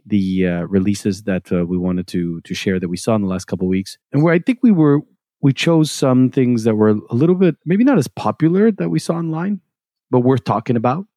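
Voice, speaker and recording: A man co-hosting a podcast in relaxed casual chat, rambling with fillers and restarts. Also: mid-range voice, no echo, studio quality. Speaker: podcast co-host.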